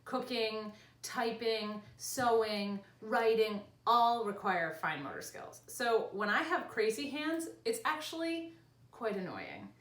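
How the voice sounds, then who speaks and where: Lively, higher-pitched woman vlogging at home. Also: slow pace, far from the mic. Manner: chatty, animated, laughs easily. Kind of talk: casual explanatory vlog. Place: home room with cats. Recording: echoey room with faint ambience.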